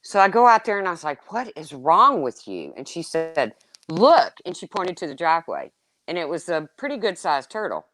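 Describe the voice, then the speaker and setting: A woman telling casual stories, swearing freely and swinging between loud exclaims and low asides. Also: very animated, fairly quick. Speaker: storyteller. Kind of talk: casual chat.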